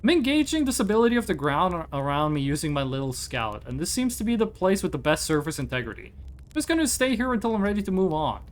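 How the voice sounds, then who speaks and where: A streamer reading aloud the lines of a nervous male alien explorer who is scared of space, in a rambling, apologetic manner and a mid-range voice that swings widely in pitch. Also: very animated, fast talker, natural voice. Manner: rambling, self-deprecating, apologetic. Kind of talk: reading game dialogue aloud.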